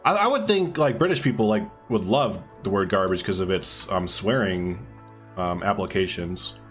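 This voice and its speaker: A man's voice: low-pitched, expressive, moderate pace, faint music behind. Laid-back rambling male streamer. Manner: rambling, laid-back, laughs often, answers chat messages. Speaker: live streamer. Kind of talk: casual chat with viewers while building a game park.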